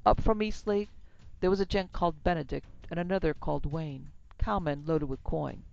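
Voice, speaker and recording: Man playing a big genial saloon owner, hearty and pushy, gravelly tone, slightly muffled recording, faint music behind. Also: fairly high pitch, steady tone, moderate pace, darkish tone. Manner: hearty, coaxing frontier talk.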